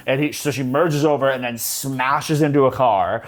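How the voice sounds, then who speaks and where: A man's voice: medium pitch, normal speed. A man hosting a podcast, chatting casually about a movie and retelling scenes with lots of laughter. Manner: animated, laughs often, acts out film scenes in quoted voices. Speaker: podcast host.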